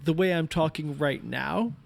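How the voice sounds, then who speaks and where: A man from Canada hosting a casual podcast interview, eager and encouraging with quick interjections. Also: on the high side, gravelly. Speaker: podcast host.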